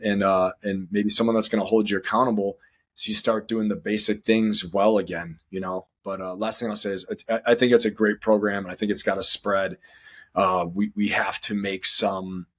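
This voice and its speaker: A man earnestly urging fellow veterans to get help, in a casual panel talk. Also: lowish voice. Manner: earnest, advising.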